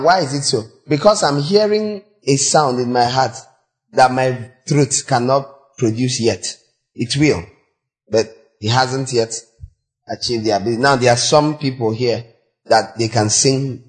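A male pastor preaching a sermon, urging and questioning his listeners directly, with a voice that cracks when he reaches high notes. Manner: exhorting, breaks into high sung demonstrations.

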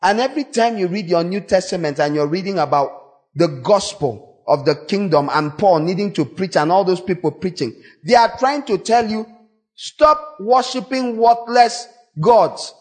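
A man preaching a sermon in a dramatic, animated way, acting out quoted voices and breaking into sudden shouts. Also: high-pitched, moderate pace.

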